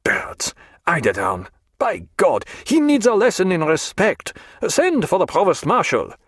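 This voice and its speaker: A man voicing a gruff, angry military colonel who bursts out in blustering outrage. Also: mid-range voice, steady tone, unhurried, bright, forceful tone, no room sound, studio quality. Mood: outraged. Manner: blustering outbursts.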